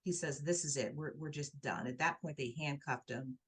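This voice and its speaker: A woman's voice: normal speed, husky. A woman guest on an interview show, telling a personal story in conversation and acting out the people in it with her voice. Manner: animated, acts out quoted voices with rising pitch.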